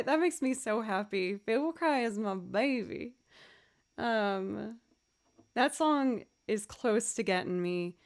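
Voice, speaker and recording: A young woman musician chatting casually with her livestream viewers, upbeat and quick to laugh, her voice a little scratchy. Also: on the high side, lively intonation, gravelly.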